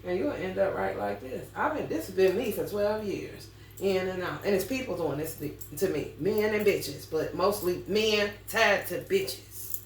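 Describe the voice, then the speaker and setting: A woman's voice: medium pitch, a little slow, a little hiss or hum. A woman ranting bluntly and profanely in a casual astrology vlog. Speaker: astrology reader. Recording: roomy sound, distant mic, faint ambience.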